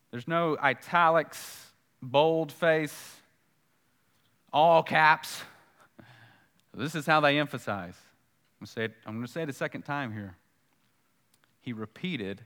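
Bright-voiced preacher in a reverberant hall. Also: male voice, medium pitch. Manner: conversational preaching, emphatic repetition, acts out dialogue. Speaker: pastor. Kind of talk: sermon.

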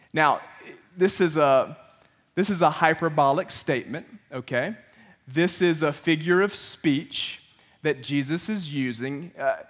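Animated, high-voiced male pastor preaching. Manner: animated, playful, acts out little voices. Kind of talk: sermon.

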